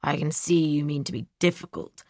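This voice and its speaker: A woman voicing a cool, scheming young man who sneers and sometimes drops to a hush. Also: low-pitched, a little fast, no room sound. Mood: impatient. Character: cold scheming young man, villainous brother.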